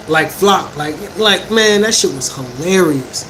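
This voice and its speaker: A man with a high voice spins a story for his livestream chat, animated and quick to laugh, his talk full of casual profanity and slang. A steady air-conditioner hum runs loud behind him. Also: poor audio. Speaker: livestreamer telling stories to chat.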